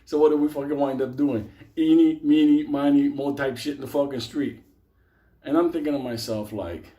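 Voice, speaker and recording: New guy telling a wild story to a crowd, cursing every other word, mellow low-key tone, keeps cracking himself up. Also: fairly even intonation, normal speed. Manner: profane, rambling, laughs between lines. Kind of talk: live comedic storytelling to an audience.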